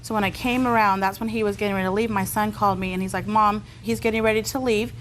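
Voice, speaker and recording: Woman litigant, quick and rambling, apologetic tone, faint noise in the background. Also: medium pitch, steady tone, a bit bright, rough recording.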